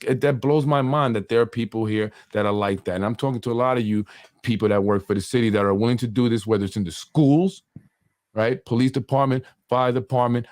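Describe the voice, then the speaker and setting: A man's voice: medium pitch, darkish tone, no room sound, studio quality. A man hosting a political talk show, indignant and full of rhetorical questions. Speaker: host.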